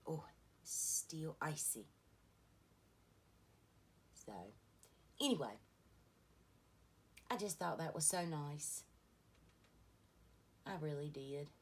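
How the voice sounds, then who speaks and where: A woman's voice: low-pitched, expressive, extremely slow, long pauses, a little hiss or hum. A middle-aged woman, chatting through a get-ready-with-me beauty vlog and rambling through stories with many asides. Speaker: beauty vlogger. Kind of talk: casual get-ready-with-me chat.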